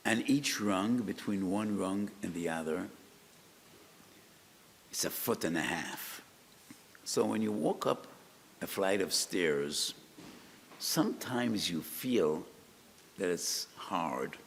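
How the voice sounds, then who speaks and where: An older man delivers a sermon-style lecture in a slow, gravelly low voice. His carry a sound. The recording has a long reverb and a faint hiss behind it. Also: lively intonation. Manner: slow, storytelling delivery that rises to cries in acted pleas. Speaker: rabbi giving a weekly lecture.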